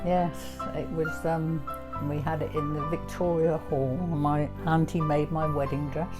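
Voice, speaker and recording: An older woman fondly reminiscing in an interview, hesitant with many pauses. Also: deep voice, flat delivery, loud music behind the voice. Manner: hesitant, fond, many ums.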